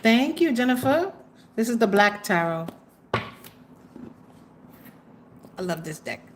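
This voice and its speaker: A woman's voice: on the high side, very animated, slow, heavy background noise. A woman hosting a live tarot reading, chatty and exclamatory, trailing off into fillers as she reads cards for viewers. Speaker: tarot reader and livestream host.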